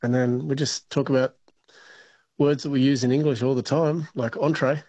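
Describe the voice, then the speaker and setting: A man's voice: mid-range voice, fairly even intonation, moderate pace, mellow. A man calling in to a radio quiz, confident and chatty, who jokes with the host. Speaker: caller. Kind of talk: casual chat on a radio phone-in.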